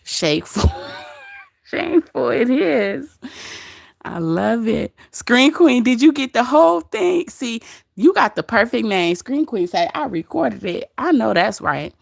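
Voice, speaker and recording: A woman's voice: a little high, sing-song, unhurried, gravelly, dry recording, clean studio sound. A woman hosting a livestream, chatting casually to her live chat from her bed, laughing often and quoting others. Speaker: livestream host. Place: bedroom.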